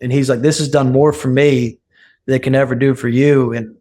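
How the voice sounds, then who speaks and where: A middle-pitched man, appearing as a guest on a podcast, unhurriedly and earnestly recounts stories in a relaxed interview. When quoting others he acts out their voices, then settles back into his own even delivery.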